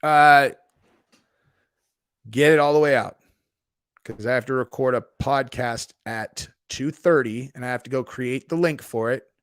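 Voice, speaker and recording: A laid-back streamer host chats with his live audience from his home in Texas, saying "dude" in nearly every line and swearing freely. His medium-pitched, mid-range voice is clear and resonant, and he talks unhurriedly with long pauses. The recording is close and dry, with no echo.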